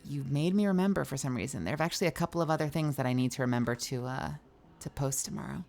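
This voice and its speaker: A woman's voice: rumbling low, fast, creaky, darkish tone. A young woman livestreaming, chatting casually with her viewers and reading their messages aloud, sleepy and yawning, swearing now and then. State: tired, yawning. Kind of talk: casual live-stream chat with viewers. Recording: faint music behind.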